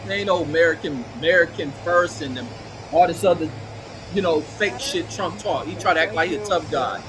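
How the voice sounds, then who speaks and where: High-voiced man ranting over noise. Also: a little fast. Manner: mocking, profane, loud and scornful, laughs often. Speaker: vlogger commenting on news footage. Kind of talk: ranting profane commentary over video.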